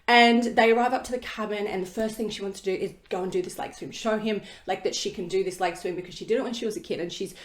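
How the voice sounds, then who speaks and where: A woman's voice: mid-range voice, fairly even intonation, fast talker, few pauses. Emphatic woman in an echoey room. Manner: emphatic, blunt, swears casually. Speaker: podcast host. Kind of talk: solo podcast monologue. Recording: roomy echo.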